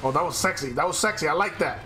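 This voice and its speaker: Excitable man trash-talking a video game. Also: fairly high pitch, fast talker. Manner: excitable trash talk, swearing, shouting at the game. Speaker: gaming YouTuber. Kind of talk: gameplay commentary.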